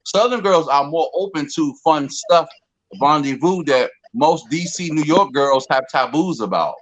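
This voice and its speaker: A man from the DC area, talking in a rambling, animated way in a casual group debate, often repeating words. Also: fairly high pitch, measured pace, low-quality recording. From DC, Maryland, Virginia area.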